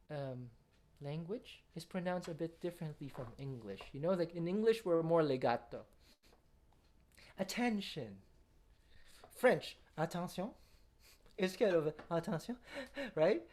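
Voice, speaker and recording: With a piano faintly audible behind her, a woman leads a masterclass, encouraging her student and singing phrases on syllables to show the right touch. Her voice is fairly low and darkish.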